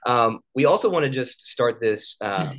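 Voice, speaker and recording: A man's voice: mid-range voice, lively intonation, normal speed, poor audio. A man co-hosting a faith podcast, talking casually with lots of fillers and easy jokes. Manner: warm, joking, filler-heavy talk. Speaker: podcast co-host.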